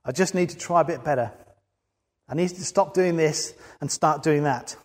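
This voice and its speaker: A man's voice: a little high, normal speed. Man preaching in a reverberant hall. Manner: earnest, builds to emphatic peaks. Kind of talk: sermon.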